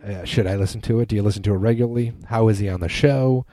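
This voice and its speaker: A man's voice: fairly low pitch, fast talker, warm tone, no echo. A man hosting a casual solo podcast, rambling with many restarts and fillers. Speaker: podcast host. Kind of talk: casual monologue.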